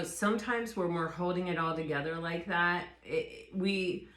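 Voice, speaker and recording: A woman's voice: deep voice, fairly bright tone. A woman doing a casual spoken tarot reading, reflective and rambling, often restarting her sentences. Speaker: tarot reader. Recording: roomy echo.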